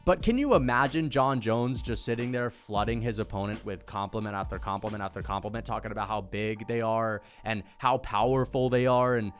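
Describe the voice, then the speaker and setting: A man giving casual, excitable MMA commentary with profanity and slang. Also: lowish voice, a little fast, hardly any pauses, soft background music.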